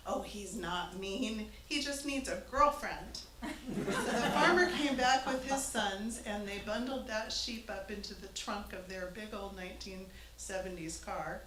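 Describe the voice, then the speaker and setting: This funny family story comes from a woman addressing a live audience in a church hall, amused and chatty, with laughs between lines. Her voice is mid-range and fairly bright. The hall sounds echoey, with faint noise.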